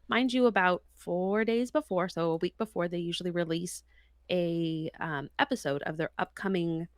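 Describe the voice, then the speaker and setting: A woman's voice: on the low side, no room sound. A woman co-hosting a casual podcast, giving a bubbly, rambling rundown of entertainment news. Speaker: podcast co-host. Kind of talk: casual chat.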